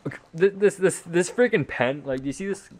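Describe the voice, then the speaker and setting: A man's voice: a little high, brisk. A teenage boy chatting casually in a home vlog, rambling and mocking himself, tired after sports practice. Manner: rambling, self-mocking, many fillers. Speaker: vlogger.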